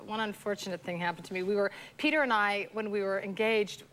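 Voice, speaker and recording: A woman in her forties from the US West Coast, a TV actress telling a lively story as a talk show guest, acting out voices and laughing. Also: medium pitch, fast. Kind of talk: casual chat, anecdote telling. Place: TV studio with audience.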